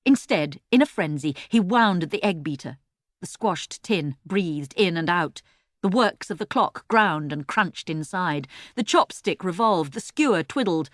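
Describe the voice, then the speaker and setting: A woman narrating a children's storybook in an expressive, lively way, recorded close on a studio mic. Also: on the low side, measured pace, no echo. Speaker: audiobook narrator.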